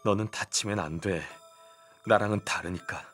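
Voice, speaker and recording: An actor playing a troubled, intense young man in a game, speaking in a tense, quiet and restrained way with a low, husky voice. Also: racing, soft background music. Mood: tense, pleading.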